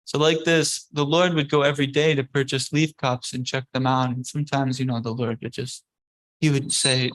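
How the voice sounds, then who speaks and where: Guy teaching a scripture class, chatty halting storytelling, middle pitch. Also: flat delivery, fairly bright tone, rough recording. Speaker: religious teacher.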